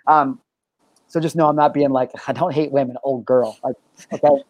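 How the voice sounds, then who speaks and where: A man hosting a live talk show, telling a story in an energetic, animated way and swearing freely. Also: mid-range voice, normal speed, no echo. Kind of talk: casual live-stream chat and storytelling.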